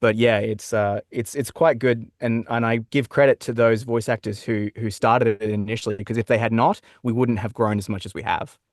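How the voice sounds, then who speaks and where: A man with an Australian accent, slightly Americanised, chatting as a voice actor guest in a relaxed, quick way with plenty of filler words. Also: medium pitch, no echo, clean studio sound. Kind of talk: casual podcast interview.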